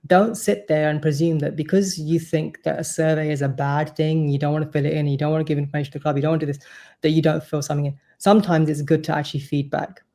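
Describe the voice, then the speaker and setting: A man with a fairly high pitch and level tone talks fast in a mellow voice. As vice-chair of a supporters' board and a podcast guest, he speaks earnestly and explains things at length in a casual chat.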